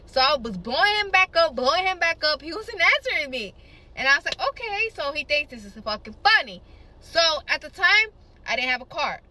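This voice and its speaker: A woman telling a personal storytime while getting ready, animated and dramatic, swearing freely. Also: high voice.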